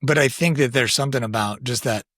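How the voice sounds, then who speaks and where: Reflective, halting male podcast host. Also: medium pitch, fairly bright tone, no room sound. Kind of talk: podcast interview.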